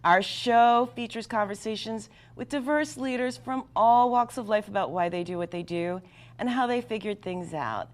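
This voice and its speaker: A woman hosting a talk show, reading a guest introduction in an earnest, emphatic way with small stumbles over words. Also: mid-range voice.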